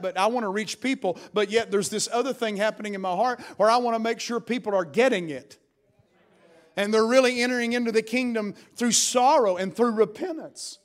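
A man preaching a sermon, fervent and swinging between hushed and loud passages. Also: very high-pitched. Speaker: pastor.

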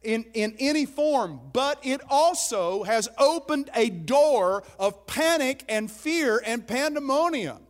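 A man's voice: very high-pitched, lively intonation, takes it slowly, hardly any pauses. A man preaching a sermon as pastor, emphatic and exhorting his listeners.

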